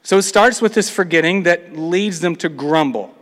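A man's voice: high-pitched, moderate pace, fairly bright tone. A man preaching a sermon, reading scripture aloud and acting out the complaints of the people in between. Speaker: pastor. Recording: long hall reverb.

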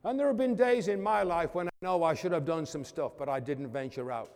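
A man preaching a sermon as pastor, fervent, calling out to the congregation and swinging from loud declarations to hushed asides. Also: on the high side, brisk, long reverb tail. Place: church.

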